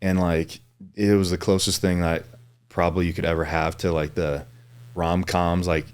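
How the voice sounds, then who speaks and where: A man's voice: low-pitched, level tone, moderate pace, smooth. A man hosting a podcast in casual chat, easygoing and often chiming in with short agreement. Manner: easygoing, with frequent agreeing backchannels.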